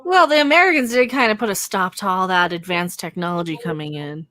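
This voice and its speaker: A woman co-hosting casual comedic banter, teasing with quick retorts and frequent laughs. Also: on the low side, sharp tone. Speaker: co-host.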